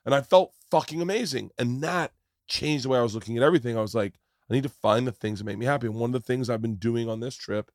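A man with an ordinary mid-range voice hosts a casual podcast, swearing and teasing his friends as he tells animated stories. The recording is dry and close-miked. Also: medium pitch, fast, no room sound. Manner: profane, teasing, animated storytelling. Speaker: podcast host and comedian. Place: tour bus.

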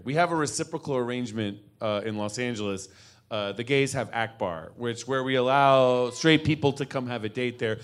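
A man ranting as a comedian, piling up restarts and asides as he goes. His voice sits at an ordinary middle pitch. He keeps the riff loose and unscripted. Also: lively intonation, moderate pace, fairly bright tone. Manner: rambling, self-interrupting riff with frequent restarts. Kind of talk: stand-up rant.

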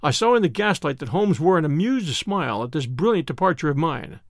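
A man doing scripted audiobook narration of a period detective story in an expressive, storytelling manner. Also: on the high side, fairly quick, no room sound, clean studio sound.

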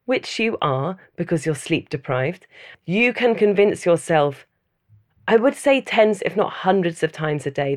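Woman, lower register, measured and reflective interviewee. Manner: measured, thoughtful, lists things in runs. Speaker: mother interviewed about loneliness. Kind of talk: reflective personal account.

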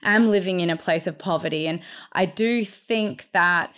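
A woman's voice: on the low side, moderate pace, a bit bright, clear, resonant tone. A woman co-hosting a podcast, telling a story about her family in a chatty way. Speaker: podcast co-host. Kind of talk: casual conversational interview.

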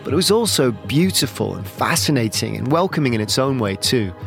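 Male narrator, gravelly voice, scripted doc read over soft music. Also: mid-range voice, big pitch swings. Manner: measured, descriptive delivery. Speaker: documentary narrator.

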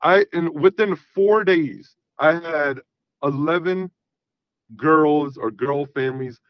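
A man's voice: on the high side, slow pace, no room sound. A man telling a story casually on a podcast, swearing freely and acting out the dialogue. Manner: profane, animated, acts out quoted dialogue. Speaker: podcast guest. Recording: dull, dry sound.

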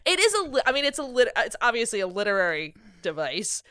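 A woman co-hosting a podcast, chatting in an animated, jokey way. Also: a little high, quick pace, clear, resonant tone, no room sound, studio quality. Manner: chatty, animated, laughs often. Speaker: podcast co-host. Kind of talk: casual comedic chat.

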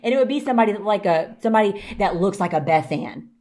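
A woman's voice: mid-range voice, fast, crowd noise. A young woman co-hosting a podcast, telling stories in casual, swearing chat and acting out quotes. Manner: animated storytelling, swearing, acts out quotes. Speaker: podcast co-host.

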